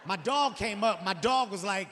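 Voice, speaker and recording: A man in his forties doing stand-up, telling a story in an animated, exasperated way with profane outbursts. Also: high-pitched, moderate pace, long reverb tail, a little hiss or hum. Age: 40s. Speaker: stand-up comedian.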